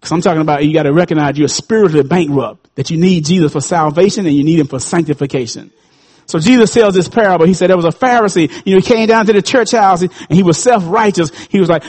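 A pastor in his fifties preaching a sermon, swinging between loud, high calls and low, quiet asides. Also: fast. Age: 50s.

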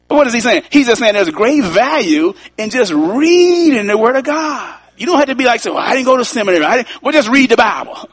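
A man's voice: high-pitched, a bit bright, husky, dry recording. A man preaching a sermon to his congregation, talking in a conversational way, repeating himself and addressing listeners directly.

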